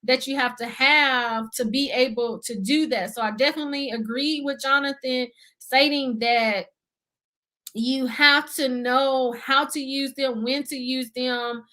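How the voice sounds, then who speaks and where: A woman's voice: sits high, steady tone, measured pace, bright, forceful tone. A young adult woman, a guest on an interview show, talking earnestly about budgeting in casual chat, full of fillers. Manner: earnest, talkative, many fillers and "you see what I'm saying".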